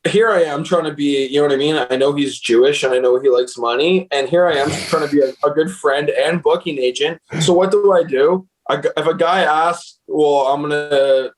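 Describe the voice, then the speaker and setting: A man's voice: on the high side, a little fast, hardly any pauses, poor audio. A young man, a booking agent, casually telling road stories, profane and laid-back, laughing along. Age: young adult. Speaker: guest, concert booking agent. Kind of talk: casual storytelling.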